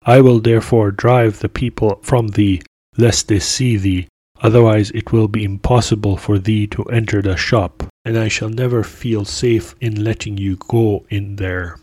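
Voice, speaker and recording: A man's voice: lowish voice, steady tone, normal speed, a little mellow, dry recording, natural voice. A man voicing a haughty, stern male palace servant who talks curtly and dismissively. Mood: disdainful. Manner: curt, dismissive.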